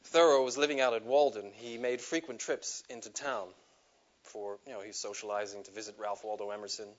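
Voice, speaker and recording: A man telling a personal story to a live audience, animated, laughing at himself and acting out the quotes. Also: on the low side, brisk, highs cut off. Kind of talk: storytelling talk. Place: stage before a live audience.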